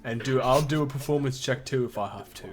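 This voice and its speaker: A man playing a tabletop game, excitable and joking. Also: mid-range voice, a little fast, soft background music. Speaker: player.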